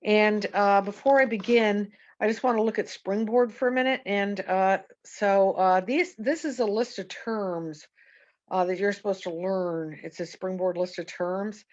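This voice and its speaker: A woman's voice: medium pitch, steady tone, a little slow, dry recording, muffled recording. A woman teaching an online poetry lesson, rambling and correcting herself with many fillers. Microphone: video call.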